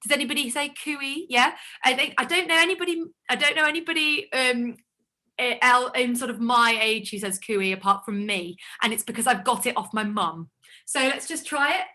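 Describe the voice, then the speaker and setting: A woman leading an online choir warm-up over a video call, encouraging the singers and demonstrating each sigh and call herself. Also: high-pitched, normal speed. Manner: encouraging, demonstrates vocal calls and sighs. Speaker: choir leader.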